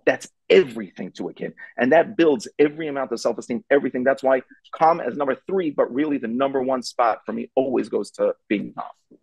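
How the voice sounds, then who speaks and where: A man's voice: medium pitch, brisk, gravelly, a little mellow, slightly rough, no room sound, dull audio. A middle-aged man giving parenting advice as a guest, telling a story emphatically and repeating his key points.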